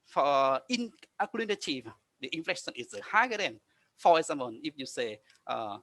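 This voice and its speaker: A man giving a conference presentation over a video call, speaking haltingly with frequent restarts and nonstandard grammar. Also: a little high, big pitch swings, a bit bright, dry recording. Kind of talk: lecture presentation.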